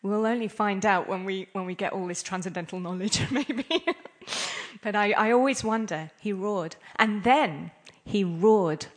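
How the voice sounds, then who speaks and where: A woman's voice: medium pitch, normal speed. A woman giving an interactive scripture class, playful and laughing often as she quizzes her listeners. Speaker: class speaker.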